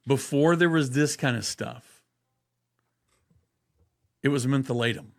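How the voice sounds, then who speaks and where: A man's voice: mid-range voice, measured pace, gravelly. A man hosting a casual comedic podcast, joking around and slipping into impressions. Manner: playful, jokey, doing impressions. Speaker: podcast host.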